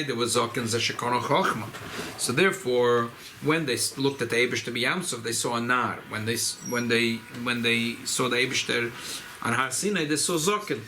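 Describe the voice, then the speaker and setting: A rabbi, speaking informally at a farbrengen gathering, often repeating and restarting phrases. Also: male voice, medium pitch, bright, forceful tone, a little hiss or hum, poor audio. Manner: repetitive, restarts phrases, mixes Yiddish and Hebrew terms. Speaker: rabbi giving a farbrengen talk. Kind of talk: informal Chassidic talk at a gathering.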